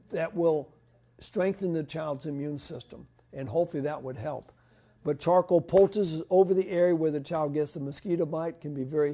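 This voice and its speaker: A man's voice: fairly high pitch, warm tone. A man giving health advice as he answers audience questions, practical and loose, often stopping to restart a sentence. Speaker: health lecturer.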